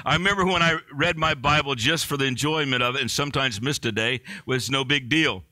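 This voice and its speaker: A man's voice: medium pitch, fairly quick, bright, forceful tone, dry recording. A male pastor preaching a sermon in a conversational way, joking and poking fun at himself.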